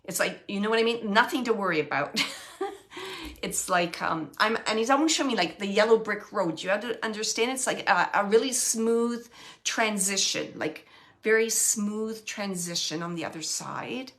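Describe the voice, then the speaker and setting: A woman giving a live mediumship reading, relaying messages in a halting, emotional way and often searching for words. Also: medium pitch, a bit bright. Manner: emotional, close to tears at times.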